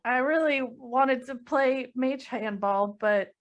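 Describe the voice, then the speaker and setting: A woman's voice: high voice, takes it slowly. A woman voicing a casual young dwarven woman student who talks in a hesitant, chatty way. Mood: wistful.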